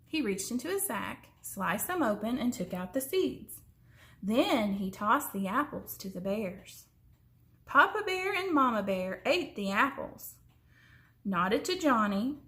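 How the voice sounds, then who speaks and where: A woman reading a children's story aloud in an expressive way, slowing down for suspense. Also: fairly high pitch. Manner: expressive, slows down for suspense, sometimes drops to a whisper.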